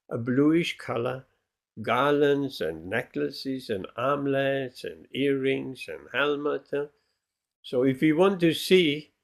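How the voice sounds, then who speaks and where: A male spiritual teacher recounts a devotional story in a lecture, pausing often and filling gaps with hesitations. His voice is somewhat high with a gravelly rasp, and his pace is very slow. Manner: storytelling with many pauses and fillers.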